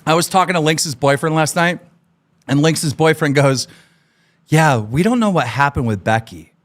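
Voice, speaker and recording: A man hosting a live stream, ranting furiously with constant swearing and shouting. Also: on the high side, moderate pace. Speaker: show host. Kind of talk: angry live-stream rant.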